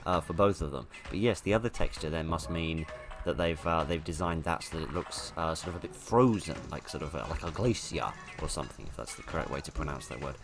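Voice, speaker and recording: Low-voiced chatty man. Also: fairly quick, music in the background. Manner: chatty, self-deprecating, rambling. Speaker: let's play host. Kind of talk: casual gameplay commentary.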